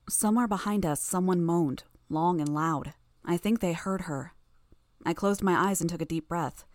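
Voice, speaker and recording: Low-voiced woman reading fiction. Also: moderate pace, a little mellow, no echo, clean studio sound. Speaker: audiobook narrator. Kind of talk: first-person fiction narration.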